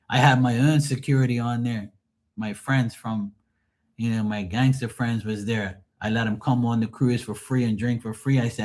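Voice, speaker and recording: A man telling cruise stories on a livestream, casual, profane and animated. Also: mid-range voice, normal speed. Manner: profane, animated, mimics people. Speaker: tarot reader and streamer.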